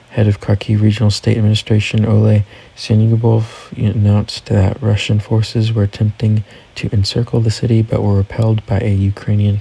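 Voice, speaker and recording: A man's voice: lowish voice, gravelly, dark tone, poor audio. A man hosting a casual news recap, reading headlines and adding offhand personal comments. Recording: faint background noise.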